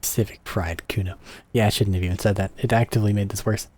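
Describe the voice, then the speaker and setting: A man's voice: fairly low pitch, fairly even intonation, fast, darkish tone. A man streaming a story game, reading its text aloud with wry, casual asides. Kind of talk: casual gameplay narration.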